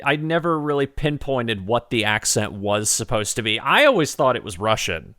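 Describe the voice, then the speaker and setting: A man hosting a casual interview, curious and quick to laugh. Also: mid-range voice, pushed and bright, clean tone, no room sound, studio quality. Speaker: podcast host.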